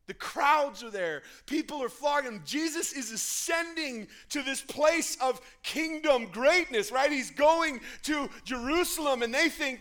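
A man preaching a sermon, dramatic, dropping to near whispers and rising to shouts. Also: extremely high pitch, animated, unhurried, hardly any pauses. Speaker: pastor.

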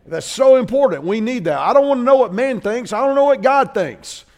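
A man preaching a sermon in church, telling a comic story with lively character voices. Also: very high voice, a little fast. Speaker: guest preacher.

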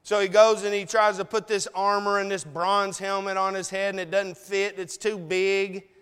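A man preaching a sermon in a church, in a folksy, conversational way with dramatic pauses. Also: high-pitched, flat delivery, fairly bright tone, clean tone. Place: church sanctuary. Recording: long reverb in a hall.

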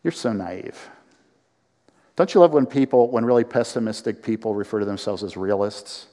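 Man, pastor, lively sermon, lowish voice, long hall reverb. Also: fast talker. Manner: lively preaching with acted-out quotes and rising emphasis.

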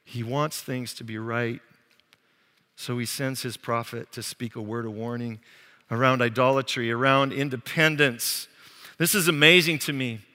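Man, sermon, very bright forceful tone, long echo of a hall. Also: medium pitch, normal speed. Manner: animated preaching, acts out quoted voices. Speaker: pastor.

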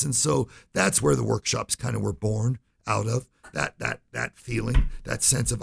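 A man's voice: mid-range voice, lively intonation, moderate pace, creaky, few pauses, husky. A middle-aged man, a financial advisor, telling a story in an interview and acting out the voices he quotes.

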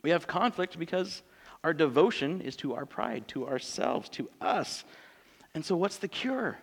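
Male pastor in his thirties, lively sermon voice pitched a bit high, chatty and joking with the congregation. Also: unhurried, husky. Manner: conversational, joking, asks the congregation rhetorical questions. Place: church.

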